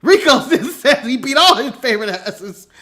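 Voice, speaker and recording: A man's voice: very high-pitched, animated, normal speed, a bit bright. An American man co-hosting a casual wrestling recap, laughing often and talking with lots of energy as he goes through his notes. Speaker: podcast co-host.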